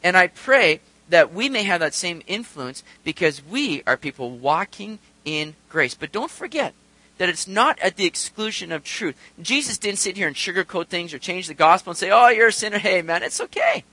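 A pastor preaches in a high, lively voice that rises and falls as he poses rhetorical questions and briefly mimics the people he quotes. He sounds bright and forceful at a normal speed, and the recording is dry, close, and low in quality.

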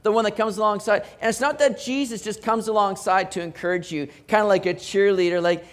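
A man preaching a sermon as pastor, animated, with emphatic rising bursts and repeated words. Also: high-pitched, brisk, few pauses.

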